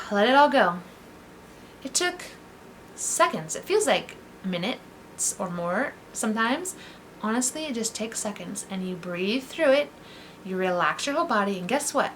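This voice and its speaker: A woman's voice: medium pitch, animated, normal speed, long pauses, a bit bright, slight background noise. Earnest encouraging woman vlogger. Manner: earnest, repetitive, coaching tone. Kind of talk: encouraging direct-to-camera talk.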